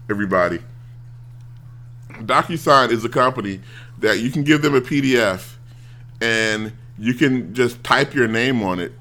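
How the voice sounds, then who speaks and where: Bright-voiced exasperated man ranting. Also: medium pitch. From United States. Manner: exasperated, rambling, sarcastic, with restarts. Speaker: office worker telling a story. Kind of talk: casual ranting monologue.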